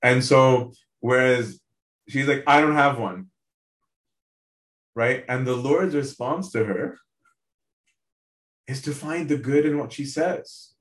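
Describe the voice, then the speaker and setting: A man's voice: medium pitch, steady tone, slow, pauses often. Chatty man teaching Bible study, echoey room. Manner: conversational, keeps checking in with "right?"; frequent restarts and repeated words.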